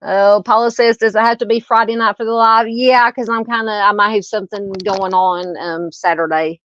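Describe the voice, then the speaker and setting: A woman in her fifties with a Southern accent chats casually with her true crime live stream audience, reading comments with lots of fillers and restarts. Her mid-range voice is a bit bright, with fairly even intonation and a moderate pace. The sound is lo-fi with no room sound.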